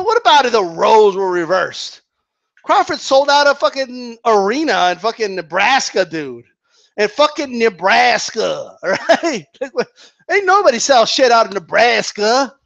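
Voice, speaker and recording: A man ranting about boxing in a sarcastic, animated way, swearing constantly and laughing often. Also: very high-pitched, gravelly, no echo, highs cut off. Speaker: boxing commentator. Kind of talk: profane ranting monologue.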